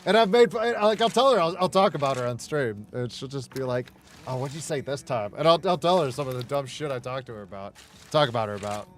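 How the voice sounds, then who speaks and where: A man's voice: mid-range voice, lively intonation, fast talker. A man streaming a game, rambling in casual chatter, swearing and laughing often.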